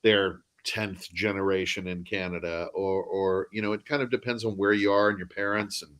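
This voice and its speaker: Low-voiced man chatting casually. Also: normal speed. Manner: animated, self-deprecating, drops into joking mock accents. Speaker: audiobook narrator guest. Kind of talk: casual live interview chat. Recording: live online video chat.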